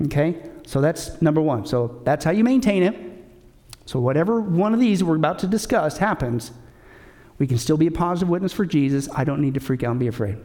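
A man's voice: fairly high pitch, animated, a little fast, dark tone. A man preaching a sermon in an emphatic way, asking his listeners one rhetorical question after another. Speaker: pastor.

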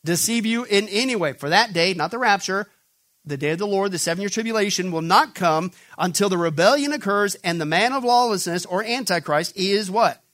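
A man's voice: high-pitched, lively intonation, fairly quick, hardly any pauses, fairly bright tone. A male pastor preaching a sermon, tossing fill-in questions to the congregation and acting out quoted voices with casual jokes.

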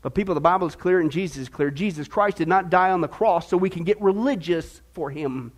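Guy preaching hard, really high voice, dips low then gets all fired up. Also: brisk. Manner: fervent preaching, swinging between low emphatic lines and high excited runs. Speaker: pastor. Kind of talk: sermon.

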